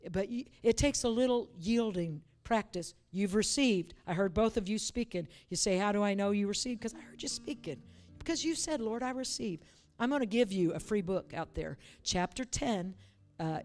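A woman's voice: mid-range voice, darkish tone. A woman preacher leading a church service, urging and coaxing the congregation in a fervent, repetitive way. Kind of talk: sermon with altar call.

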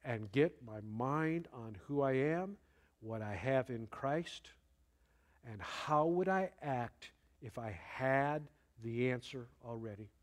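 A man preaching a sermon, slow and deliberate, rising now and then to emphatic bursts. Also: mid-range voice. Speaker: pastor.

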